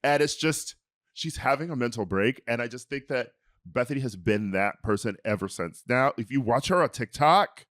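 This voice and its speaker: A man's voice: medium pitch, lively intonation, normal speed, fairly bright tone, dry recording, studio quality. A man hosting a podcast, chatting in a playful, gossipy way and reading sponsor spots. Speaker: podcast host. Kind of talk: casual chat and ad reads.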